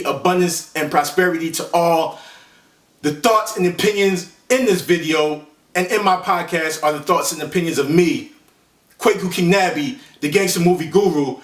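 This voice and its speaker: A man hosting a laid-back movie countdown. He rambles in street slang, full of fillers and self-corrections, at a slightly high pitch. He sits well back from the mic in a roomy, echoing space. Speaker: host. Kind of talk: casual movie countdown commentary. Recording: echoey room, voice far from the mic.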